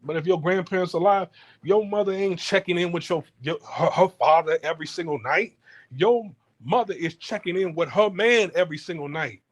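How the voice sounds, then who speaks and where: At home in Houston, a male podcast host rants in a casual, heated monologue, swearing often and tripping over repeated words. His voice is high and moves at a normal speed.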